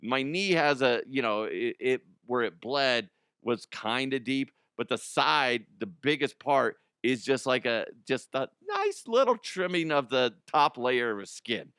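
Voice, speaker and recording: A man's voice: medium pitch, big pitch swings, measured pace, few pauses, a bit bright, clean tone, no echo, studio quality. A middle-aged man hosting a comedy sports news show, telling a self-deprecating story in a loose, casual way, laughing often and swearing freely. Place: studio.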